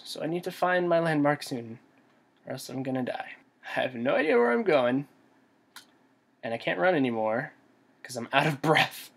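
A man narrating his own horror game playthrough in a husky, slightly raspy voice. He talks to himself in a jumpy, nervous way, like a casual let's play. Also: mid-range voice, expressive, normal speed, a bit bright. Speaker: gamer.

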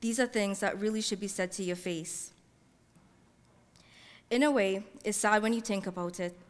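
A woman author reading her fiction aloud in a measured, heartfelt first-person voice, using Caribbean-English dialect. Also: mid-range voice. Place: library event space. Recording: long reverb from a large hall.

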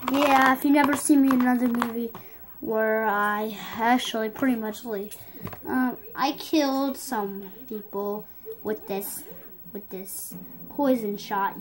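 A child casually narrating a home-made brick film, excitable, humming dramatic sound effects and rambling with restarts. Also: mid-range voice, measured pace, a little hiss or hum. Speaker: young brick-film maker.

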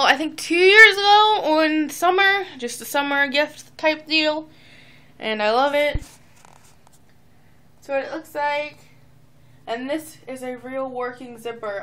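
A woman's voice: high-pitched, bright, forceful tone. A teenage girl vlogging from home in a bubbly, rambling, giggly way. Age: teens. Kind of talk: casual chat to camera. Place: at home, indoors.

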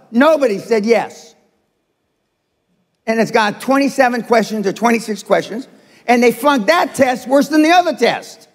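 A high-pitched, gravelly older man lectures a seminar crowd, blunt and profane, jabbing at the audience. His voice rings out in a reverberant live hall. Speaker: seminar speaker. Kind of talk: motivational seminar talk.

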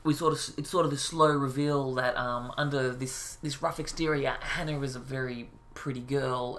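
A man's voice: mid-range voice, fairly even intonation, moderate pace, few pauses, fairly bright tone, slight background noise. Brief: a profane, frustrated male commentator who rants about a video. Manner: profane, exasperated ranting. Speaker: reaction video host. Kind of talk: ranting commentary.

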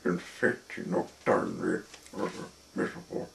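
A man reading a children's picture book aloud, halting often with repeated words and fillers. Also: fairly low pitch, big pitch swings, gravelly. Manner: halting, with many restarts and fillers. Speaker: storyteller.

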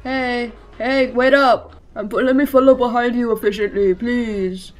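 A gaming video creator giving casual gameplay commentary, rambling and sarcastic, correcting themself mid-sentence with excitable outbursts. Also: mid-range voice, normal speed, soft background music.

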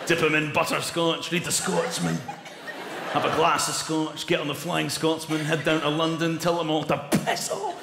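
A man performing a stand-up comedy routine on a theatre stage, animated and shouting punchlines, sometimes slipping into put-on voices. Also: fairly high pitch, normal speed, gravelly, heavy background noise. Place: large theatre with live audience. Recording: echoey hall with loud crowd.

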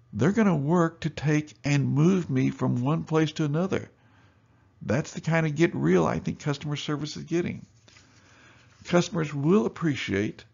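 A man's voice: on the high side, vocal fry, darkish tone, slightly rough, lo-fi sound. A male store owner giving a seminar talk, telling customer anecdotes and acting out both sides of the conversations. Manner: storytelling, acts out both sides of dialogue.

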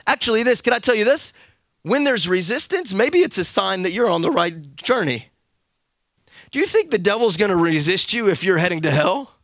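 Pastor, male, very high bright voice, emphatic sermon delivery, dry close sound. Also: no room sound. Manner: emphatic preaching with repeated words, building to shouts. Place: church service.

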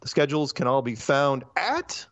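A man hosting a casual online talk show, ranting animatedly with quick asides and restarts. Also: mid-range voice, big pitch swings, fairly bright tone, no echo, highs cut off. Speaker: podcast host. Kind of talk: casual chat.

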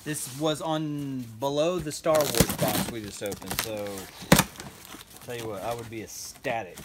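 A man chatting excitedly as he unboxes finds, sometimes dropping to a whisper. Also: mid-range voice, unhurried. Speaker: storage unit buyer and vlog host. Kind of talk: casual unboxing commentary. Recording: noisy handheld recording with paper crinkling.

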